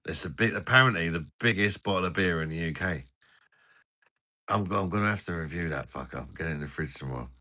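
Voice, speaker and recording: A man's voice: low voice, fast talker, bright, forceful tone. A man hosting a casual beer-review live stream, bantering and swearing with viewers.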